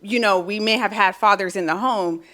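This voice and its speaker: A woman's voice: medium pitch, moderate pace, sharp tone. A woman in a casual group conversation, reflectively sharing childhood memories. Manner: reflective, anecdotal.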